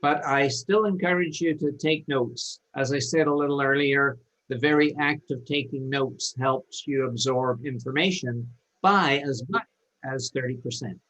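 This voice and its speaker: A man's voice: medium pitch, measured pace, fairly bright tone, poor audio. A man hosting an online webinar, introducing a guest and giving instructions to participants in an upbeat manner. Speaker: webinar host. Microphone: video call.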